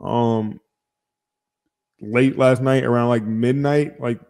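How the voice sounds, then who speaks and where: A young podcast host speaks slowly in a mid-range voice with vocal fry, telling a story in casual conversation. He's animated and profane, playing both parties on the phone calls.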